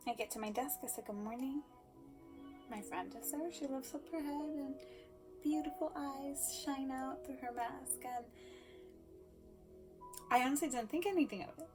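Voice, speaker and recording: Woman speaker, slightly high voice, emotional personal story, loud emphasis and quiet asides, music underneath. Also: moderate pace.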